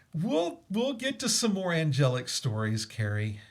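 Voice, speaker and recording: Chatty man telling a ghost story. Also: on the high side. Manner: animated, laughs often, many fillers and restarts. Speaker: host. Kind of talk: casual storytelling.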